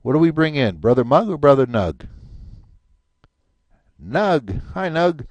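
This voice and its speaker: Patient, lively male language teacher. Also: a little high, no room sound. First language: English. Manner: patient, repeats each word slowly, chatty asides. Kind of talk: recorded language lesson.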